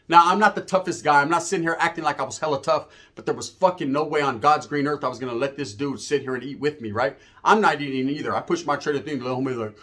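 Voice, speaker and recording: A man's voice: fairly high pitch, brisk. A man casually telling a story full of swearing and street slang, acting out the people in it and often adding "right?". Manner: profane, animated, acts out the voices of people in his story. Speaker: storyteller guest.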